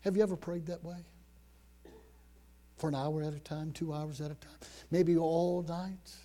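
A man preaching a sermon, retelling a story with dramatic swings from loud to hushed and frequent repeated words. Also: on the high side, steady tone, a little slow, long pauses.

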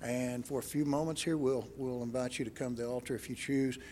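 A man, a pastor, leading an altar call in a church sanctuary, speaking gently with many fillers. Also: medium pitch, fairly even intonation, a little fast, slight background noise.

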